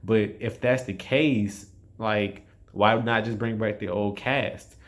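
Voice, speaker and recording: A man's voice: on the low side, steady tone, slow. A man giving a casual spoken film review, rambling and frustrated, with frequent restarts and swearing. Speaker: movie reviewer.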